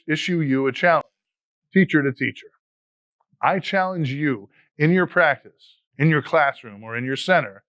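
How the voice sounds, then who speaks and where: Recorded dry, a man with a slightly high, fairly bright voice addresses fellow teachers. The educator and podcast host, in his fifties, gives a scripted motivational talk with an earnest, measured delivery.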